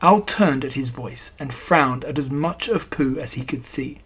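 A reader narrating a children's storybook in a gentle, even telling. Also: mid-range voice, unhurried, breathy edge. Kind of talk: storybook reading.

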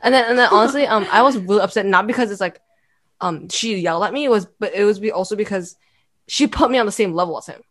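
A teenage girl co-hosting a podcast, telling family stories in a casual, animated way with many fillers. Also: mid-range voice, fast talker. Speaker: podcast co-host. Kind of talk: casual chat.

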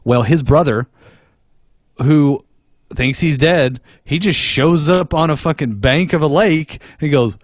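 Male podcast co-host, mid-pitched, dry close mic, loose profane storytelling. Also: a little slow, no room sound. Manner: profane, rambling, animated retelling. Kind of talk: casual movie discussion.

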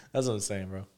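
A young man co-hosting a podcast, telling stories in a rambling, profane, casual chat. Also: medium pitch. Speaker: podcast co-host.

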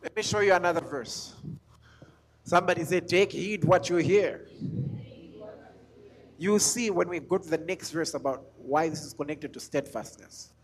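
A man's voice: on the high side, normal speed, long pauses, husky. A man preaching a sermon as a pastor, driving his points home with repeated questions and sometimes lifting scripture into a chant. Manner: emphatic, repeats lines, sings scripture.

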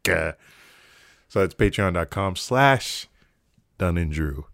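A man's voice: deep voice, animated, slow, creaky, a bit bright, dry recording, studio quality. A man co-hosting a podcast, chatting casually with loose, laughing banter and frequent swearing. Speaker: podcast co-host.

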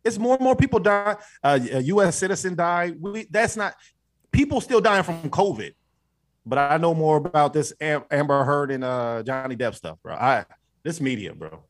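Laid-back male podcast co-host, lively pitch. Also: normal speed. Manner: laid-back, short agreeing replies, says "bro" a lot. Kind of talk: casual chat.

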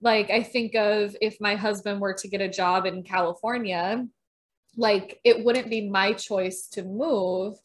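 A woman's voice: medium pitch, fairly even intonation, a little slow. A woman with a Minnesotan accent, co-hosting a podcast in casual, chatty talk and laughing often. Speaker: podcast co-host. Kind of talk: casual chat.

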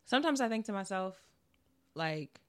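A podcast co-host with a New York accent and a mid-range voice, chatting in a loose, animated way. The talk is slangy and profane, full of stories and quick laughs. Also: medium pitch, clear, resonant tone. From Brooklyn, New York. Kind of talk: casual podcast chat.

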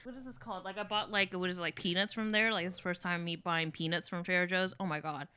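A woman's voice: fairly low pitch, steady tone, quick pace, sharp tone, clear, resonant tone. A woman chatting on a podcast as a guest, laughing often and filling her talk with "like". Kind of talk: casual chat.

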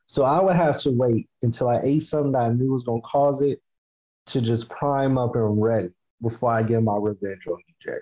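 Male co-host; warm, mellow voice, deadpan mock-serious humor. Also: medium pitch, brisk, low-quality recording. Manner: joking, mock-serious rants. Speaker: podcast co-host. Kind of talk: casual podcast chat.

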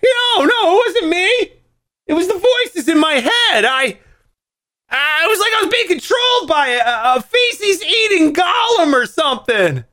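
A man voicing a frantic woman who blames voices in her head, speaking in a shrill, wailing way. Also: sing-song, measured pace, bright, forceful tone, exaggerated voice.

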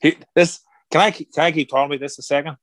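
A man telling a story in an interview as a guest, animated and acting out the voices of people he quotes. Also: on the high side, fast, no echo. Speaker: guest, former boxer turned actor.

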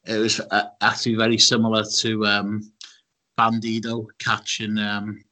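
A man's voice: fairly low pitch, completely flat delivery, unhurried, bright, forceful tone. A man with a Scouse accent co-hosting a podcast, talking casually with many ums and restarts. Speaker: podcast co-host. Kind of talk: casual chat.

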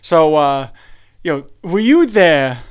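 Animated high-voiced New area guy. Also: slow pace, clear, resonant tone. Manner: animated storyteller, acts out quoted voices. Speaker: podcast co-host. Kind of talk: casual chat.

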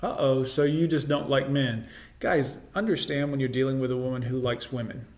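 A man's voice: medium pitch, steady tone, moderate pace, darkish tone. A man giving blunt, opinionated reaction commentary in a lecturing tone.

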